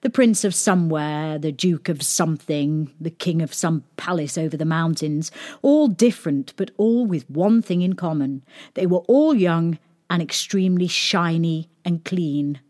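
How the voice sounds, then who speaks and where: A woman's voice: deep voice, measured pace. A woman reading a children's story. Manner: gentle, expressive storytelling.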